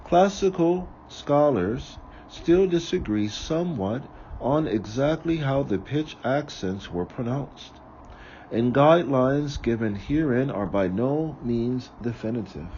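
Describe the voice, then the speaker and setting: A man reading aloud from a book, slowly and carefully, sometimes correcting himself. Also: mid-range voice, mellow, dull audio, slight background noise. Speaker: reader of a book on ritual.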